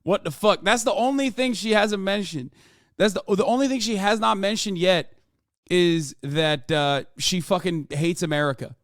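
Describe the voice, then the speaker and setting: A male livestream host giving animated, profane reaction commentary over a played clip. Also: sits high, moderate pace, no echo, studio quality.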